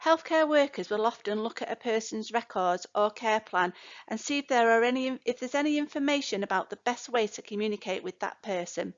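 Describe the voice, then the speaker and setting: A woman's voice: fairly high pitch, expressive, a little fast. Chatty older woman tutor, lo-fi sound. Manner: chatty, many fillers and "you know" asides. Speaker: care course tutor. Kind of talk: recorded lecture. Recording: dull lo-fi recording.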